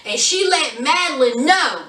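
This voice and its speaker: An animated woman recaps a TV episode in casual vlog style and talks straight to her viewers. Her voice is high and bright. She sits back from the mic in a roomy, echoey space. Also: a little slow, recorded from a distance. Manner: animated, chatty, addresses viewers directly. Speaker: TV show reviewer.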